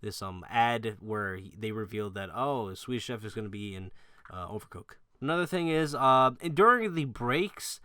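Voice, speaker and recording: A man's voice: fairly low pitch, expressive, normal speed, sharp tone, clear, resonant tone, no room sound. A man giving a blunt, profane opinion rant to his viewers, rambling with fillers and laughing between points. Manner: loose rambling with restarts and fillers. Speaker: gaming video creator. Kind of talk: casual opinion rant to camera.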